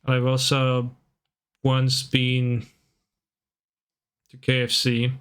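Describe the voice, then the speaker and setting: Speaking extremely slowly in a smooth, monotone, mid-range voice, a man chats casually with viewers while streaming a card game. Playful, goofy sing-song noises punctuate his talk over the gameplay.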